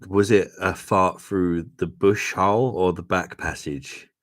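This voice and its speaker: A man with a low, steady, unhurried voice hosts a casual drinking livestream, reading viewer comments aloud. He's tipsy, swears, laughs often, and keeps calling people "mate" as he chats.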